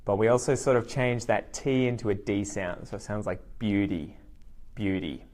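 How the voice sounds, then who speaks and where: An Australian man giving a live online English lesson, speaking slowly and clearly and repeating words for learners. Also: on the low side, fairly even intonation, darkish tone. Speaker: English teacher.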